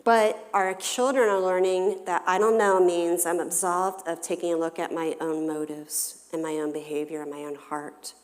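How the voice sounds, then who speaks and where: A woman's voice: on the low side, little pitch movement, normal speed, hardly any pauses, in a large hall. A woman counselor giving a parenting talk in a church, engaging her listeners with questions. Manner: engaging, poses questions to the audience. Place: church hall.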